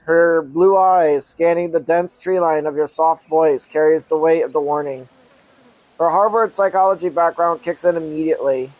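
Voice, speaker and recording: A man reading an adventure story aloud as a channel host, halting, correcting himself and breaking off for casual asides. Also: fairly high pitch, dry recording, poor audio. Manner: halting reading with frequent self-corrections and restarts.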